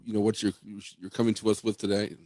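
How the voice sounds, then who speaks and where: A man hosts a relaxed interview with a low, easy voice. He keeps things friendly and laughs often. The sound is close and dry, with no room around it. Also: quick pace, dry recording. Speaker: host. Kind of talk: casual interview.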